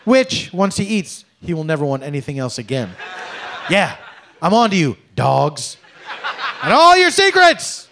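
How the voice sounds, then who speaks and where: A middle-aged man performing a stand-up comedy set on a club stage, with an animated, exaggerated, mock-polite delivery. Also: on the high side, unhurried, noisy background.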